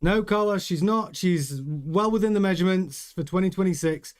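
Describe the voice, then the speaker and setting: A man voicing an exasperated, defensive male team boss who speaks in a stern, brisk and insistent way. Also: high voice, smooth, close to an everyday voice. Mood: indignant, exasperated.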